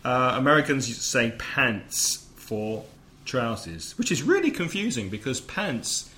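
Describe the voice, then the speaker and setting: A man hosting a relaxed English-lesson podcast. He explains vocabulary step by step and drops in quick translations. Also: medium pitch, slight background noise. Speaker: podcast host and English teacher. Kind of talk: casual teaching podcast.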